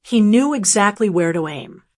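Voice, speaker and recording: A woman's voice: mid-range voice, animated, moderate pace, darkish tone. A woman narrating a first-person story in a tense, dramatic manner.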